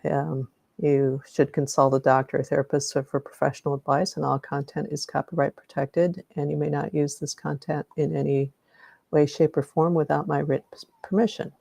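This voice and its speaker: Low, gravelly woman guiding a meditation. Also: level tone, moderate pace, dark tone, no room sound. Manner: rambling, self-correcting, greets viewers by name. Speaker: energy healing meditation host. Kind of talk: live-streamed guided meditation and chat.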